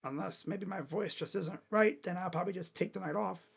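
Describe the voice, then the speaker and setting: Hoarse gravelly-voiced man, high pitch. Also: brisk. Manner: excited, rowdy fan talk. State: hoarse, voice nearly gone. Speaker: sports fan channel host. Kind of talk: casual sports recap vlog.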